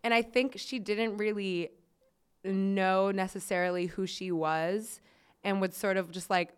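A woman's voice: medium pitch, steady tone, measured pace, smooth. A woman podcast host telling a story in casual chat, chatty and swearing freely, with lots of "like" fillers.

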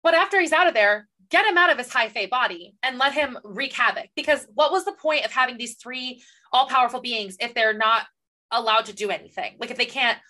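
A woman's voice: a little high, a little fast, bright, forceful tone. A woman co-hosting a casual book podcast, sarcastic and swearing often as she picks the story apart. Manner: sarcastic, swears, mocks characters in put-on quotes. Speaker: podcast co-host. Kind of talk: casual book-recap chat.

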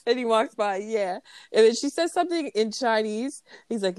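A woman's voice: sits high, moderate pace, no room sound. Young woman laughing through movie quotes. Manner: laughing, animated quote retelling with heavy swearing. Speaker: podcast co-host. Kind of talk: casual chat.

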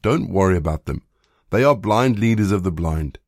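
A man reading the lines of Jesus as a calm, measured male teacher in a plain voice. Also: deep voice, no room sound, clean studio sound. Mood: steady.

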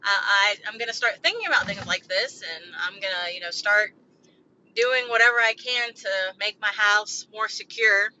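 Bright-voiced woman venting, agitated. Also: mid-range voice, normal speed, muffled recording, a little hiss or hum. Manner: agitated, profane, rambling venting. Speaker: podcast host. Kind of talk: solo venting podcast.

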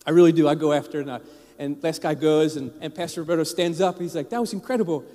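A man delivers a sermon as an informal personal story, full of asides and restarts directed at the congregation. His voice sits a bit high for a man. The recording picks up the long reverb of a church sanctuary. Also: quick pace. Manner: casual, animated, many restarts and asides to the congregation. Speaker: pastor.

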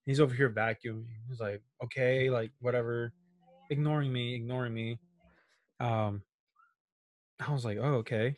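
A young man casually telling a long personal story on a podcast, animated and quoting his friends as he goes. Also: mid-range voice, normal speed, pauses often.

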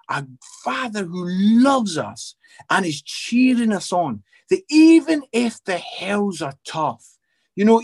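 A man, an evangelist and comedian, telling his faith story in an interview as an animated storyteller with many restarts. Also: sits high, husky. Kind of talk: personal testimony in an interview.

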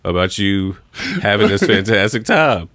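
A man's voice: fairly low pitch, animated, moderate pace, a bit bright, no echo, studio quality. A man co-hosting a casual podcast chat, teasing and laughing at a friend's story. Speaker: podcast co-host.

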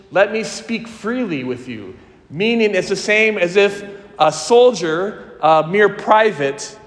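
Slow, high-voiced preacher in reverberant church. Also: male voice. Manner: earnest, emphatic preaching with slow deliberate phrasing. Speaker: priest. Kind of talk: sermon.

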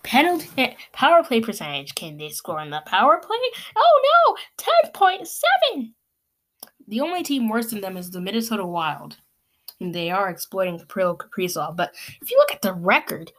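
Sarcastic woman ranting about her team. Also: mid-range voice. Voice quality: sarcastic, exasperated. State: losing her voice from yelling. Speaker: sports fan commentator. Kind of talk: sarcastic stat-reading rant.

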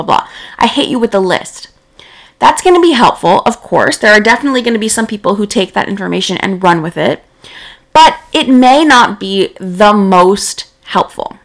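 Tired young woman coach rambling casually on her podcast, bit of vocal fry. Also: medium pitch, lively intonation, normal speed, fairly bright tone. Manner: casual, conversational, lots of "right?" and "like". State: tired and yawning, late at night. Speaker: podcast host, business coach. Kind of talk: solo podcast talk.

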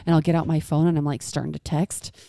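Woman in her thirties, lowish voice, mellow tone, dry close sound, animated casual chat, laughs a lot. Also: quick pace, vocal fry, no room sound. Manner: animated, laughs often, acts out quotes. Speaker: podcast co-host.

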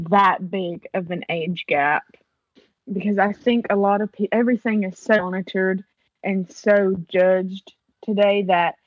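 A young woman talks slowly and reflectively in a casual podcast chat, breaking into giggles often. Her voice sits in a middle pitch, recorded dry and a little dull and lo-fi. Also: dry recording. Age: young adult. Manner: giggly, thoughtful, laughs often. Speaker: co-host.

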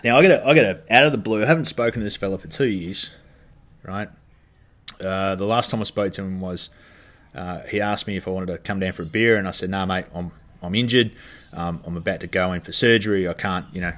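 Australian male stand-up, slightly low voice, profane, exasperated storytelling monologue. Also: a bit bright. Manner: blunt, heavily profane, exasperated ranting. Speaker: stand-up comedian.

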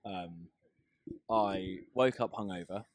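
A man's voice: sits low, slow pace, no room sound, clean studio sound. A young man in his twenties co-hosting a casual podcast, chatty and jokey, laughing often. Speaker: podcast co-host.

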